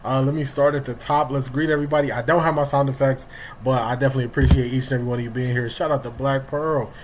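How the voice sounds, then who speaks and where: A man's voice: mid-range voice, fairly even intonation, fast talker, noisy background. A middle-aged man, hosting a casual live sports stream and greeting viewers by name. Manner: greets chat viewers by name, loose and talkative. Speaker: livestream sports show host.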